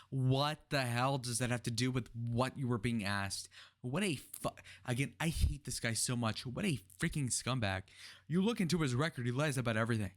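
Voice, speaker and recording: A man's voice: mid-range voice, normal speed. A young man reacting to a political interview, talking heatedly and sarcastically with profane outbursts. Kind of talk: reaction commentary.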